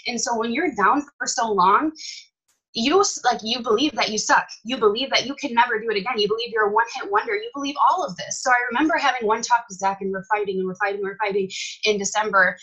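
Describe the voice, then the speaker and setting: Young woman, kinda high bright voice, animated candid storytelling. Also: quick pace, husky, highs cut off. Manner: animated, emphatic, swears casually. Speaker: guest telling her comeback story.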